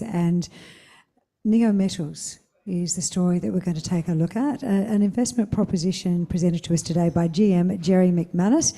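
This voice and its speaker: A woman's voice: on the low side, creaky, warm tone. A woman hosting a conference on stage, chatty and joking as she introduces the next speaker.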